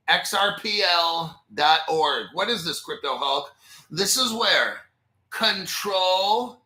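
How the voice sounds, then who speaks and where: A man hosting a crypto video, rambling and conspiratorial, swearing freely and answering his own questions. He talks at an unhurried, drawn-out pace, and his tone is piercingly bright and a touch high. The sound bounces around a bare, echoey room. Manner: profane, conspiratorial, talks to himself. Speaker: crypto channel host. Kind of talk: rambling screen-share commentary.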